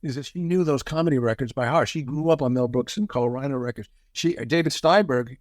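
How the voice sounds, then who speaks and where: A man in his sixties telling show-business anecdotes as a guest, animated and often acting out quotes. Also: medium pitch, a little fast, no room sound, clean studio sound. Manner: lively storyteller, acts out quotes.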